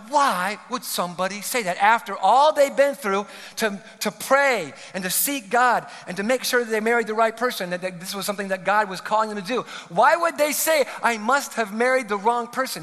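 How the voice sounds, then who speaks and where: A man's voice: sits high, pushed and bright. A male pastor preaching a sermon, earnest and pleading, pressing his points with rising emphasis. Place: large church hall. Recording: long hall reverb.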